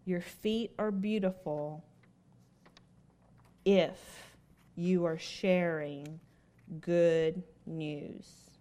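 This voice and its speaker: A woman's voice: lowish voice, fairly even intonation, very slow, pauses often, dark tone. A woman giving a devotional talk. She tells a personal story, stresses her points through repetition, and asks her listeners questions. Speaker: lay speaker at a devotional.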